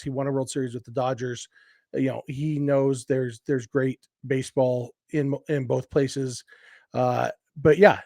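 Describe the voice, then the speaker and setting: Male podcast host, somewhat high voice, eager and rambling, dry close mic. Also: darkish tone, no echo. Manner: enthusiastic, rambling with frequent restarts and asides. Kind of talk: casual solo podcast commentary.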